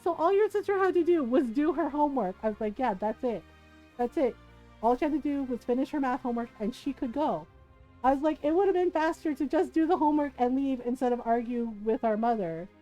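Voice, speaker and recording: A woman with a high voice chats casually while streaming a game, telling stories and laughing often. She slips into quick impressions of her family as she talks. Soft game music plays faintly behind her. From Filipino family. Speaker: gaming streamer. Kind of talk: casual storytelling while gaming.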